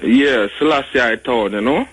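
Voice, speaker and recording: A man's voice: medium pitch, moderate pace, a bit bright, husky, rough recording. A Jamaican man calling a radio show by phone, rambling in casual chat and often saying "you know.". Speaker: radio caller. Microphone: phone call.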